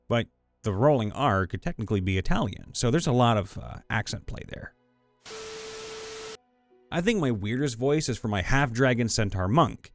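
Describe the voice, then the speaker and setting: A man narrating viewer stories in a scripted voice-over, reading lively and sometimes slipping into put-on voices. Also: medium pitch, fairly quick. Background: faint background music.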